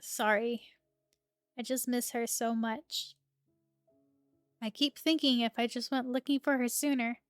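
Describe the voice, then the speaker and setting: A woman's voice: high voice, a little slow, no echo, studio quality, faint music behind. A woman voicing a worried young woman, the heroine of a romance game, speaking earnestly and tenderly. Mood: sad.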